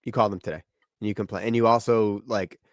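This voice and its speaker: A man co-hosting a podcast in casual chat, blunt and quick to give firm advice. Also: on the low side, steady tone, no room sound, clean studio sound. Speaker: podcast co-host.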